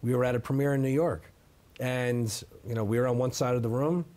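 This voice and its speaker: Man, middle-aged, interview guest, emphatic storytelling, keeps asking "okay?", ordinary pitch. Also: fairly even intonation, brisk, warm tone. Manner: emphatic, repeats "okay?" for effect. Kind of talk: sit-down interview, telling stories.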